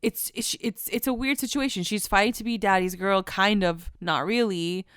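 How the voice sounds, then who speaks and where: A woman's voice: mid-range voice, normal speed, a bit bright, clear, resonant tone, dry recording, studio quality. A woman co-hosting a podcast, giving blunt, slangy opinions about a TV episode in casual chat. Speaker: podcast co-host.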